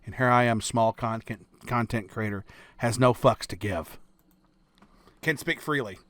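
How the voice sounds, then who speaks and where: A man's voice: mid-range voice, unhurried, fairly bright tone. A man with a Southern American accent reacting on his channel in casual commentary, blunt and profane, stumbling over restarts. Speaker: reaction video host.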